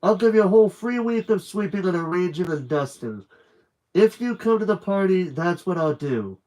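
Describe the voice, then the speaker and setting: Eager earnest little girl in a read-aloud, voiced by a male reader, pitched up. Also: lively intonation, moderate pace, dark tone, rough recording. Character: ten-year-old girl, eager and earnest.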